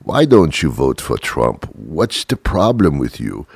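A man doing a gruff, pushy meddler, his voice dropped far lower and slower. He is blunt and demanding, in a dry, close sound. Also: sing-song, dry recording, full character voice.

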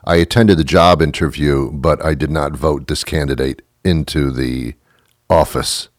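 Deep-voiced man ranting sarcastically. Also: fairly even intonation, measured pace, dry recording, clean studio sound. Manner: rambling, sarcastic, self-mocking rants. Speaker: podcast host. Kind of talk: comedic monologue.

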